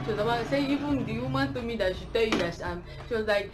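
A woman with a Nigerian accent tells a personal story in a vlog, rambling and correcting herself along the way. She speaks fast in a mid-range voice, with music playing in the background.

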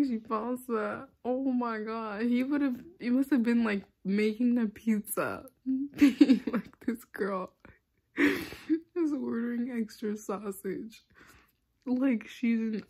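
Vlogger, young woman, chatty storyteller with dramatic asides and quick whispers. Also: a little high. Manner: animated, laughing, dramatic, drops to whispers. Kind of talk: casual storytime chat.

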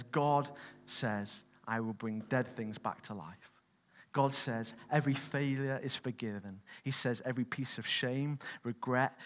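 A young man delivers a sermon, moving from a casual personal story to emphatic declarations. His voice sits at an ordinary middle pitch. It rings with the long reverb of a large hall. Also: a bit bright. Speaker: preacher.

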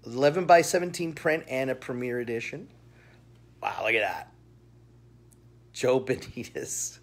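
A man's voice: mid-range voice, a little slow, pauses often. A man hosting a live comic-shop sales stream, chatty and upbeat, greeting chat viewers by name and laughing often. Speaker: shopping show host. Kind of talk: live-stream product showcase.

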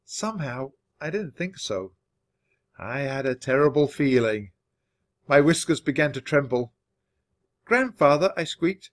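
A man reading a children's book aloud for English learners, with expressive, animated storytelling. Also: medium pitch. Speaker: storybook reader.

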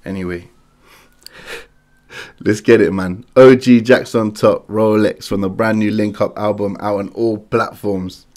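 Excitable man reacting to a track. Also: on the low side, unhurried. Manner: chatty and excitable, lots of slang. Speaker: music reaction host. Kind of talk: casual reaction commentary.

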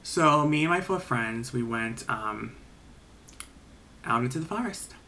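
A man's voice: medium pitch, animated, measured pace, pushed and bright, slight background noise. Young man rambling through a spooky story. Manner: rambling, filler-heavy, lots of "like". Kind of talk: casual story time.

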